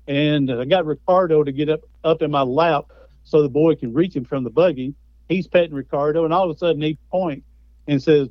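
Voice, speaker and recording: A man's voice: fairly high pitch, brisk, no echo. Guy telling stories folksy style, dry dull recording. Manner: folksy storytelling. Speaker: guest, motivational speaker and author. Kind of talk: conversational interview.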